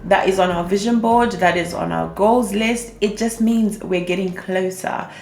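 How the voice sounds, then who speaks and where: A woman's voice: mid-range voice, moderate pace, creaky, a little mellow. A young woman, a manifestation coach, giving chatty, upbeat advice to camera, often checking in with "okay?" and "right?". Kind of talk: casual talk-to-camera advice vlog. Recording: echoey room with faint music behind.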